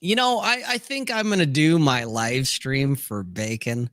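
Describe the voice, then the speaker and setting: A man co-hosting a podcast in casual chat, animated and swearing constantly. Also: mid-range voice, unhurried, no echo, clean studio sound. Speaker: podcast co-host and streamer.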